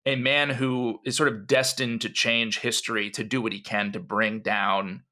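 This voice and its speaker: With a lowish voice that's bright and forceful, fairly even in intonation and at normal speed, a man co-hosting a podcast rambles through a history story. He goes off on asides, often says "you know," and frequently starts over.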